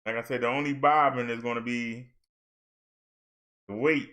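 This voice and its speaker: A man's voice: medium pitch, steady tone, moderate pace, pushed and bright. A man vlogging in a loose, chatty way, repeating himself and talking straight to his viewers on a helmet-mounted camera. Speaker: vlogger and minister. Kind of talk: casual chat to viewers.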